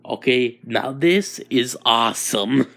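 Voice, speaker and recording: A man's voice: mid-range voice, slow pace, creaky, a bit bright. Eager young alien-powered hero, casual and a bit awkward, voiced by a man. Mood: excited. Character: young hero turned alien, excited and kind.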